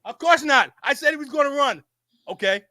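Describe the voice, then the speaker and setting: A man's voice: extremely high pitch, lively intonation, fairly quick, bright, forceful tone, no room sound. A man hosting a sports show, arguing heatedly, repeating himself and restarting his sentences. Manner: insistent, repetitive, stammering restarts. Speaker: show host. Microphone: facing a camera.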